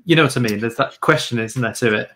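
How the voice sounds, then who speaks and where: Co-host guy, middle pitch voice, chatty, keeps it moving with tag questions. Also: fast talker, sharp tone. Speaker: podcast co-host. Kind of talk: casual interview chat.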